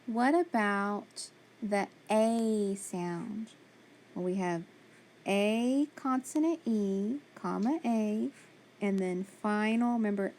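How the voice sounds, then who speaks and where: A woman teaching a phonics lesson to a class, encouraging them, asking questions and sounding out letters slowly. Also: mid-range voice, a little mellow, a little hiss or hum.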